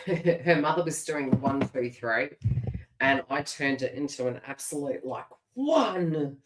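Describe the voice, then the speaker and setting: A woman's voice: extremely low pitch, lively intonation, takes it slowly, background noise. Chatty Australian woman in a roomy space. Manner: chatty, laughs often, repeats words as she restarts. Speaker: tarot reader. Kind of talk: live-stream tarot reading and chat. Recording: roomy echo.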